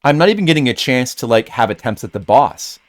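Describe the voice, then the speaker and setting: A man's voice: medium pitch, sing-song, brisk. A man streaming a game, rambling casually to his chat and now and then putting on a mock rage. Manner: rambling, chats with viewers, bursts into mock rage.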